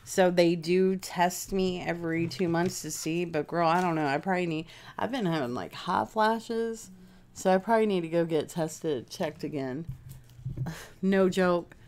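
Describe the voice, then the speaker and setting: A woman's voice: lowish voice, a little slow, a little mellow. Chatty woman rambling on a craft livestream. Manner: rambling, chatty, answers viewer comments by name. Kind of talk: casual livestream chat.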